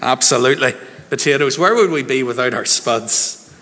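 A man's voice: mid-range voice, normal speed, fairly bright tone, in a large hall. A man, a minister giving a harvest service sermon in a chatty, jokey way and quizzing the congregation. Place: church.

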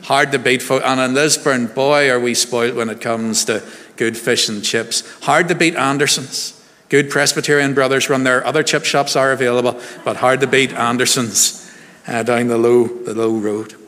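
A man's voice: medium pitch, steady tone, normal speed, bright, forceful tone, in a large hall. A man, a minister giving a harvest service sermon in a chatty, jokey way and quizzing the congregation. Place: church.

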